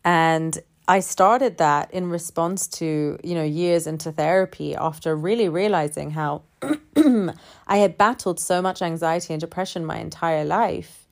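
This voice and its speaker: A woman speaking in a calm, measured reflective monologue, building her points through repeated phrases. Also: lowish voice.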